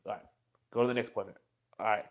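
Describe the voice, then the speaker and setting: A man's voice: on the low side, steady tone, racing. A young man hosting a podcast, telling a rambling, profane story in casual chat. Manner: rambling and profane, acts out quoted voices.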